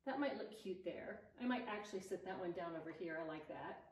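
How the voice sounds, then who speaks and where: A woman's voice: on the low side, expressive, a little fast. A woman vlogging about home decor DIY, chatting enthusiastically and thinking aloud as she arranges pieces at home. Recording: roomy echo, distant mic, faint noise.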